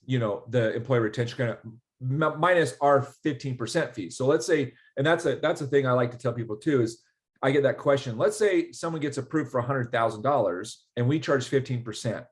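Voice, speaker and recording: Male guest, mid-pitched, chatty, acts out the dialogue in his stories. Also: brisk. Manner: animated storyteller, acts out quoted dialogue. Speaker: ERC specialist guest. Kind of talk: casual explanatory interview.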